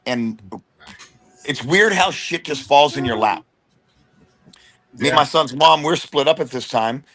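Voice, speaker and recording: A middle-aged man from the United States, a wrestler guest telling stories in an animated, slangy way and slipping into quick impressions. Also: on the high side. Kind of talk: casual storytelling chat.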